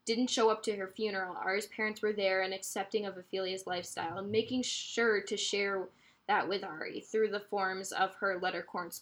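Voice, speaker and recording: A woman's voice: mid-range voice, steady tone, normal speed, a bit bright. A young woman reading passages from a novel aloud and discussing them, stumbling over words as she goes. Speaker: podcast co-host reading aloud.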